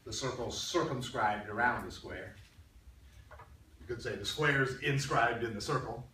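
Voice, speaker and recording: A male math teacher lecturing a classroom in a conversational way, often clearing his throat and checking in with his students. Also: mid-range voice, measured pace, sharp tone, slight background noise. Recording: roomy classroom sound from a distance.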